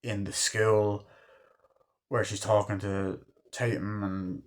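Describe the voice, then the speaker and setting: A man's voice: on the low side, flat delivery, takes it slowly. A man reviewing a movie in a casual, rambling way, swearing often and leaning on fillers. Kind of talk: casual chat.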